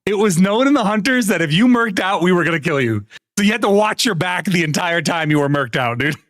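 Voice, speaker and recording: A man's voice: sits high, a little fast, dry recording, studio quality. A man on a live stream telling gaming stories in casual chat, swearing often and laughing between lines. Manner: animated storytelling, swearing, frequent laughter.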